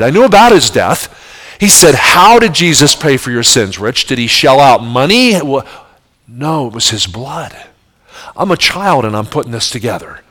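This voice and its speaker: A man's voice: on the high side, fairly bright tone. Earnest preaching man from New Jersey. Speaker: pastor. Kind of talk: sermon.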